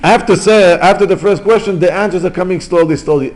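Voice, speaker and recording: Teaching Torah in a relaxed way, a rabbi speaks non-native English peppered with Hebrew terms and stories. His male voice is high-pitched, expressive and brisk, leaping between booming exclamations and hushed asides.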